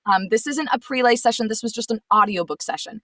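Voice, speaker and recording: Woman, voice actress, animated storyteller, dry sound, slightly distant mic. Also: a little high, fast, no echo. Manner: animated storyteller, gets sassy and exasperated. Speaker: voice actress guest. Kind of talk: casual chat.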